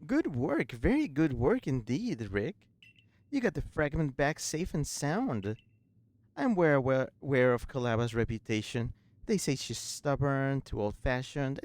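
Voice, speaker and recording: A man reading the lines of a polite, businesslike merchant in a measured way. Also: medium pitch, a little mellow, no room sound, natural voice. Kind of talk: reading game dialogue aloud.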